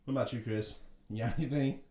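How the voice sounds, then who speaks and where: A man's voice: medium pitch, fairly even intonation, fast talker, warm tone. A man co-hosting a podcast, telling a story in casual chat, laid-back and swearing freely. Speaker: podcast co-host. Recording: roomy echo.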